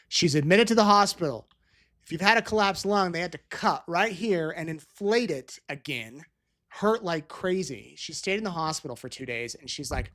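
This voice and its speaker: A man's voice: on the high side, animated, moderate pace, a bit bright. A middle-aged man hosting a live show, chatting casually in a rambling way, with restarts and tangents as he answers viewer questions. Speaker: show host. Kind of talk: casual live-stream chat. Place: Utah.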